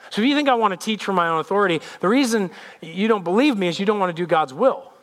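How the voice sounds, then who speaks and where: A man's voice: high voice, animated, quick pace, a bit bright. A male pastor giving a sermon in an emphatic, conversational way, repeating points for weight.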